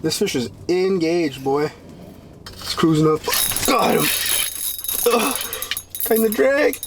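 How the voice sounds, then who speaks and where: Excitable man vlogging out on the ice. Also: sits high, slow, pauses often, a little hiss or hum. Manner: excitable, bursts into loud exclamations. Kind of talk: casual outdoor vlog commentary. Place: ice fishing spot on a frozen lake.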